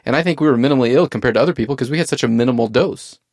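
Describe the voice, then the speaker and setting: A man hosting a podcast interview, talking in a quick, chatty, conversational way. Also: mid-range voice, darkish tone, no room sound, studio quality. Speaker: podcast host.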